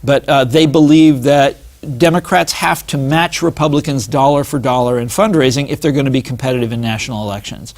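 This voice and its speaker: A man talking as an author and interview guest, animated and digressive, with many asides and restarts. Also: medium pitch, brisk. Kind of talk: casual interview talk.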